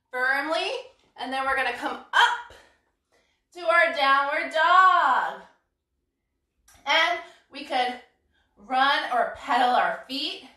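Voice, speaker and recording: Animated woman leading toddler yoga. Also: high-pitched, distant mic. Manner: animated and playful, with sound effects. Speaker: yoga instructor. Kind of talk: toddler yoga class with storybook reading. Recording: roomy sound from off the mic.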